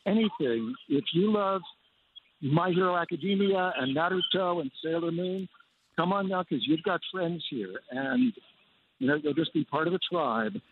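A man's voice: sits high, big pitch swings, normal speed, creaky, background noise. A man phoning in an enthusiastic report from a busy convention center floor. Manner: enthusiastic, descriptive. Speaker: film critic reporting on location. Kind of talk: live field report. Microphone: phone line. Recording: tinny phone line with crowd ambience.

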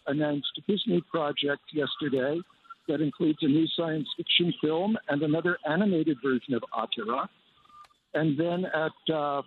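A man's voice: fairly high pitch, slight background noise. A man phoning in an enthusiastic report from a busy convention center floor. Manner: enthusiastic, descriptive. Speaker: film critic reporting on location. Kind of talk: live field report. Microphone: phone line. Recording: tinny phone line with crowd ambience.

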